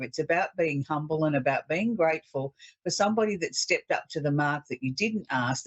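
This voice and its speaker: A woman's voice: low-pitched, highs cut off. Chatty Australian woman psychic host. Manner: chatty, reflective, uplifting. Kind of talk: solo radio talk.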